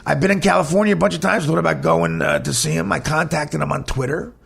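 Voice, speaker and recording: A man's voice: fairly high pitch, lively intonation, quick pace, vocal fry, a bit bright, husky. A man, a comedian hosting a podcast, telling a candid personal story in a blunt, emphatic, heated way.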